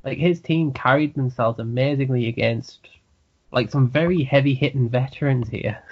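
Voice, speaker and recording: A man's voice: mid-range voice, moderate pace, husky. A man co-hosting a casual podcast, making brief, laid-back remarks. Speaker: podcast co-host. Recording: dull lo-fi sound.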